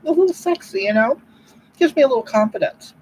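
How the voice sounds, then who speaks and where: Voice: animated, brisk, a little mellow, slight background noise, low-quality recording. A performer playing a self-righteous older woman who hosts a livestream, rambling and preaching about love while reading the chat. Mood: gushing. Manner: rambling, keeps repeating "you know what?", swoops up and down in pitch. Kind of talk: comedic improvised livestream monologue.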